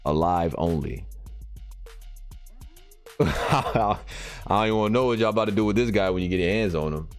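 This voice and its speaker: A man's voice: low voice, animated, normal speed, long pauses, faint music behind. A man hosting a live game stream, chatting casually and reacting to viewer comments as he reads them aloud.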